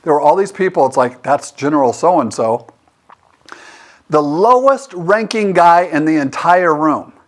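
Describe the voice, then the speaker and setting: A middle-aged man giving a motivational lesson on networking, acting out both sides of the dialogue in an animated way. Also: a little high, measured pace. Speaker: leadership teacher and host. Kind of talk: motivational talk.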